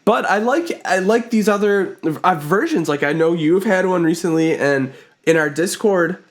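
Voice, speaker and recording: A man's voice: high voice, animated, moderate pace. A man co-hosting a casual comedy podcast, laughing often and joking loosely. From Serbia. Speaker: podcast co-host.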